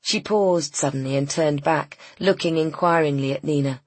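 A woman narrating a novel as an audiobook, in calm, even storytelling. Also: low-pitched, moderate pace, slightly rough, no room sound. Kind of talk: scripted narration.

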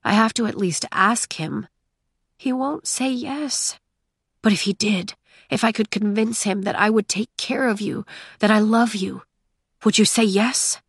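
A woman voicing a flustered, lovesick young man in an audiobook, speaking softly and pleadingly. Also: mid-range voice, unhurried, slightly rough, dry recording, studio quality. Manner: soft, pleading.

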